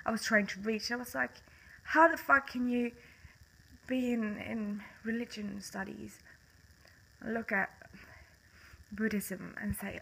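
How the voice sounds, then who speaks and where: A woman's voice: a little high, fairly even intonation, a little slow, vocal fry, pauses often, pushed and bright, husky, poor audio. Blunt, swearing Swedish young woman. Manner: passionate and blunt, swears a lot, laughs bitterly. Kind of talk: casual monologue to camera.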